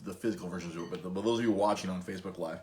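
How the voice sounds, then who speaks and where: A man's voice: deep voice, steady tone, very fast, darkish tone. A man in his thirties hosting a podcast, telling stories in a rambling, laughing way with many restarts. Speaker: podcast host. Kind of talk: casual storytelling chat.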